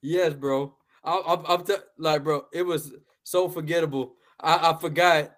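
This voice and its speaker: A man's voice: fairly high pitch, steady tone, unhurried, fairly bright tone. A man hosting a casual movie review podcast, talking bluntly with a lot of swearing, laughing, and repeated words. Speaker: podcast host.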